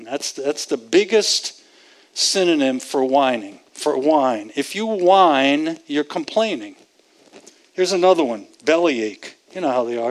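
A man preaching a sermon, emphatic and repetitive, asking rhetorical questions and chuckling at his own points. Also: a little high.

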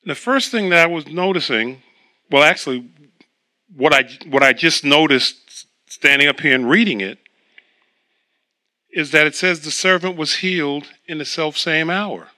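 Bright-voiced man preaching a sermon. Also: fairly high pitch, measured pace. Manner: conversational, reading aloud and then explaining. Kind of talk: sermon with scripture reading.

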